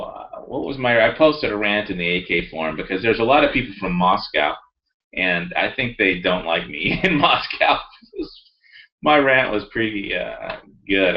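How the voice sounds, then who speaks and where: A man's voice: low voice, lively intonation, moderate pace, muffled recording. A man ranting heatedly in a rambling, profane way and reading his own forum post aloud. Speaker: video blogger.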